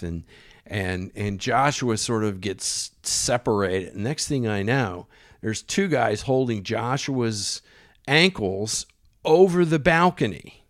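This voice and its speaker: A man telling a wild anecdote in a casual, animated way, with lots of swearing and vivid detail. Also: medium pitch, dry recording, clean studio sound. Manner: profane, animated, vivid storytelling. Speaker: storyteller.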